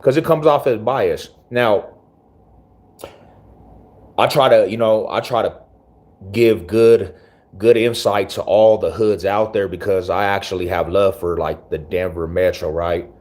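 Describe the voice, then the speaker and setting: A man's voice: lowish voice, unhurried, darkish tone. A man hosting his own channel, talking casually to camera in slangy, rambling speech with many restarts. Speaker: YouTube channel host.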